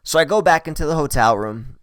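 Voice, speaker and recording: A man's voice: fairly high pitch, fairly quick, clear, resonant tone, dry recording. Guy telling a wild story, swears a lot, voice jumps all over, dry close sound. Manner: profane, animated, acts out quoted voices. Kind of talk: casual storytelling.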